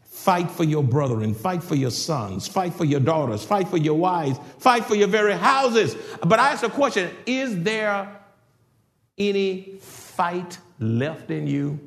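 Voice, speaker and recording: An older man preaching a sermon in a church, swinging from shouted exhortation to hushed passages. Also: high-pitched, expressive, measured pace. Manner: preaching with rising shouts and sudden quiet passages. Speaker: pastor. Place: church sanctuary. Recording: roomy church echo.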